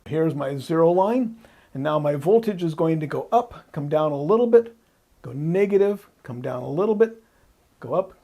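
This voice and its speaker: Husky-voiced man teaching electronics. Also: a little high, expressive, moderate pace, mellow. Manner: patient, repeats key points, thinks aloud. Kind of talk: explaining while drawing on a board.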